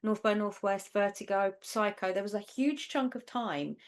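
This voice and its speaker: A woman's voice: medium pitch, normal speed. A woman co-hosting a podcast from the north of England, chatting casually and rambling with many fillers. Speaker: podcast co-host. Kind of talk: casual chat.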